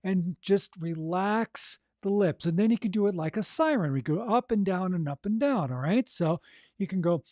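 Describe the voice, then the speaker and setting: Man, vocal coach, mellow tone, dry close sound, encouraging, chatty, checks in with "okay?". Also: sits high, animated, normal speed, no room sound. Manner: encouraging, conversational, frequent "okay?" and "right?"; demonstrates breathing and voice exercises. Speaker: audiobook narration coach. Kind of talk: coaching monologue.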